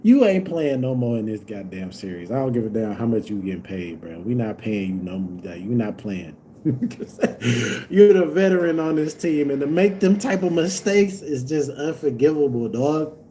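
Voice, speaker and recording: A young man reacting live to a basketball game, yelling at the players and swearing, moving from low grumbling to loud outbursts. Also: lively intonation, normal speed, a little hiss or hum. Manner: yells at the players, profane and exasperated; swings from low muttering to loud shouts.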